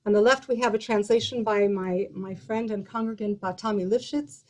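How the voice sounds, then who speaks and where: A woman's voice: mid-range voice, steady tone, fairly quick, darkish tone, low-quality recording. A woman cantor teaching a song over a video call, explaining in a chatty way with fillers and restarts. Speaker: cantor and guest host.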